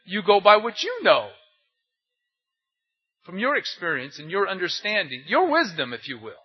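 Older male pastor with a high-pitched, breathy voice; chatty sermon full of rhetorical questions; muffled lo-fi recording. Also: wildly swooping pitch, moderate pace, soft background music. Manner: asks rhetorical questions, tells anecdotes. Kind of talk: conversational sermon. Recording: dull lo-fi recording.

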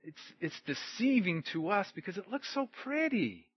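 A man preaching a sermon, shifting from loud outbursts to hushed, low-spoken warnings. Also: big pitch swings, normal speed, breathy edge, no room sound, dull audio. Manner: dramatic swings from loud to hushed. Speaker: pastor.

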